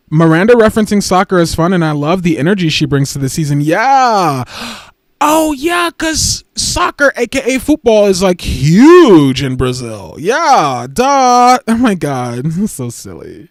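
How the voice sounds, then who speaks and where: A man hosting a casual livestream, talking in a sassy, gushing way and hopping between topics. His voice sits a little high and swings widely up and down. The sound is dry and close, with no room around it. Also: dry recording. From United States. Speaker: livestream host.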